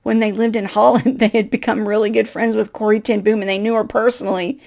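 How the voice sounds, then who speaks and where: Middle-aged woman, personal testimony, animated, self-deprecating, acts out voices. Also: medium pitch, fast talker, vocal fry. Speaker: speaker.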